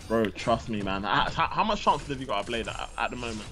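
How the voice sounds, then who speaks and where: A man's voice: mid-range voice, lively intonation, fairly quick, bright, forceful tone. A young British man in casual chat on a call, stumbling over repeated words and filling his talk with "bro" and "man". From Britain.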